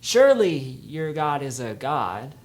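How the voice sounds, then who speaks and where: A man's voice: mid-range voice, moderate pace, natural voice. Bold prophet, male, sarcastic taunting, as a youth speaker puts him on. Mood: mocking. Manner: sarcastic, mocking. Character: bold prophet, a grown man taunting rivals.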